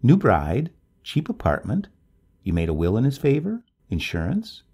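A man voicing an anxious, gossipy middle-aged woman neighbor in a high falsetto, for a storybook reading. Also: wildly swooping pitch, moderate pace, dark tone, husky, exaggerated voice. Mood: urgent.

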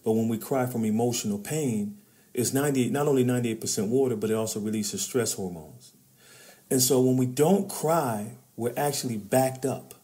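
A man's voice: medium pitch, normal speed, dark tone. A middle-aged man, an author and men's trainer, speaking as a guest in a podcast interview, preacherly in tone, building to emphatic peaks. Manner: preacherly, rises to emphatic peaks, addresses host as brother.

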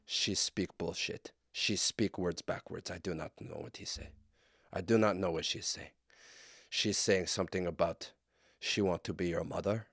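A man voicing a baffled male interpreter who speaks halting broken English. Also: low voice, steady tone, a bit bright, no echo, studio quality, voice pushed down.

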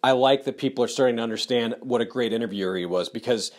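A man's voice: medium pitch, quick pace. A man hosting a casual interview, speaking hesitantly with frequent stammers and restarts. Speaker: interview host.

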